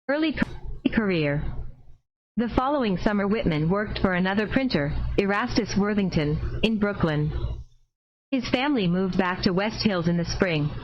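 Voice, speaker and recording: A woman reads an encyclopedia entry aloud in a steady, careful voice, her tone pitched right in the middle for a woman. The recording is a little dull and lo-fi, with a faint hiss underneath. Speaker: reader. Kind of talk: reading an encyclopedia article aloud.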